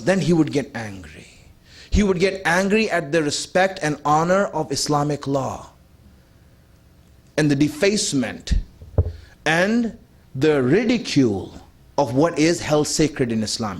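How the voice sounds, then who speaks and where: A man with a fairly high, breathy-edged voice delivers a sermon. He's emphatic yet conversational, addressing the audience directly, repeating key points and asking rhetorical questions.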